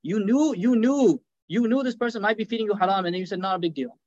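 A man preaching a sermon, telling stories fast with acted quotes and rhetorical questions. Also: high-pitched, darkish tone, lo-fi sound. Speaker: Islamic preacher.

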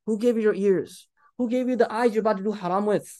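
High-voiced impassioned young male preacher. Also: fast, dark tone, dry recording. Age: 30s. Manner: impassioned, mixing in Arabic phrases and urging the listeners. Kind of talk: sermon.

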